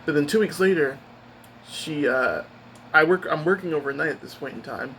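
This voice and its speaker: Guy venting on his vlog, kinda high voice, keeps restarting, faint ac hum behind. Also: normal speed, fairly bright tone, low-quality recording. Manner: rambling, upset retelling with many restarts. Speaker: vlogger. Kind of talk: casual personal storytelling.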